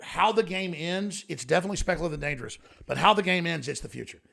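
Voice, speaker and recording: A man rattles through rambling, profane stories as a podcast guest. His voice is heavily gravelly and fried, but it has a bright, forceful edge. He talks at a fast clip. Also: a little high. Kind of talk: casual podcast chat. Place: podcast studio.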